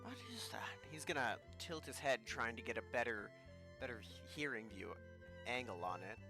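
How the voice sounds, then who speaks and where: A man's voice: mid-range voice, animated, normal speed, over music. A man describing his character's actions in a tabletop role-playing game, hesitantly searching for words. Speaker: player. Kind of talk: tabletop role-play narration.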